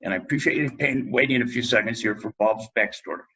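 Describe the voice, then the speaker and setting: Middle-aged guy, husky and kinda low, tells his story animated, muffled lo-fi sound. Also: quick pace. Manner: animated storyteller, acts out quotes. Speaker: guest dentist. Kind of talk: storytelling in a podcast interview.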